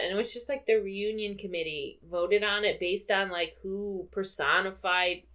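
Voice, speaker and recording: A woman's voice: medium pitch, normal speed, sharp tone. A woman co-hosting a podcast, chatting casually about a film with many fillers and frequent laughter. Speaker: podcast co-host.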